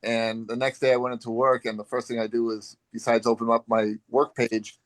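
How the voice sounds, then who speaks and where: A man's voice: medium pitch, level tone, a little fast. A man telling a rambling story in casual chat on a live video call. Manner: chatty, rambling with restarts. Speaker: longtime fan, group member.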